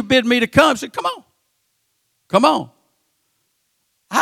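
A man preaching a sermon, often repeating words and pausing on "uh" between phrases. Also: a little high, a bit bright, dry recording, clean studio sound.

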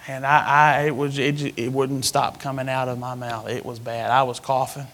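A man preaching a sermon, telling a personal story with animated, sudden loud outbursts. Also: mid-range voice, normal speed.

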